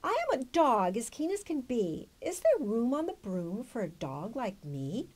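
Eager friendly dog from a picture book, played by a woman reading aloud; husky tone, livelier pitch. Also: sing-song, unhurried. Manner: keen, bright, eager.

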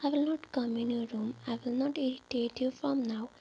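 A woman's voice: high-pitched, fairly even intonation, moderate pace, warm tone, highs cut off, a little hiss or hum. A woman voicing a tearful, apologetic young wife in a whispered role-play.

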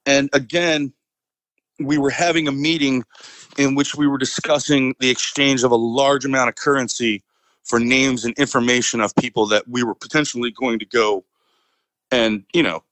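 A military veteran recounting a story as a podcast guest, with a middling pitch and a casual, rambling delivery full of "uh" and "you know". He chuckles as he talks, and his voice is dry and close to the mic. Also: moderate pace, a bit bright, no room sound, poor audio. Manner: rambling, fillers, chuckles often.

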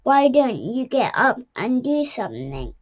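Cheeky bossy monkey boy from a storybook, high and slow, read by a woman. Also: big pitch swings. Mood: calling. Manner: calls out brightly, then gruff.

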